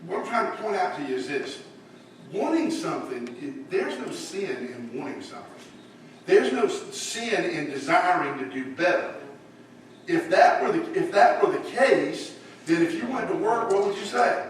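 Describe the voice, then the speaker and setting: A man's voice: sits high, sing-song, normal speed. A man teaching a church Bible lesson in a folksy way, putting questions to his class. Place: church room. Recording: echoey room, voice from far off, faint hiss.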